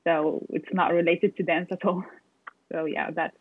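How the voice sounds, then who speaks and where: A woman's voice: on the low side, flat delivery, a little slow, breathy edge, no echo, narrow, tinny audio. A woman from Morocco, chatting casually as an interview guest and using frequent fillers.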